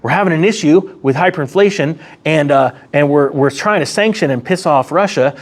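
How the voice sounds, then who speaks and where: A man's voice: fairly high pitch, fairly quick, few pauses. A man hosting his own economics commentary vlog, talking casually and sarcastically from a room near a window. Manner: sarcastic, animated, laughs at own jokes. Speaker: host of an economics commentary channel.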